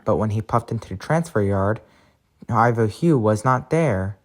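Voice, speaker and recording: A man narrating a fan-made story about engines in a plain, steady way. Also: on the low side, normal speed.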